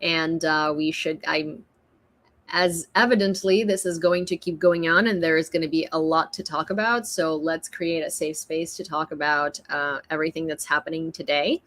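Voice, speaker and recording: A woman's voice: low-pitched, fairly even intonation, moderate pace, fairly bright tone. A woman from Ukraine, hosting a casual livestream news chat in a chatty, giggly way, often restarting her sentences into a phone. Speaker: livestream host.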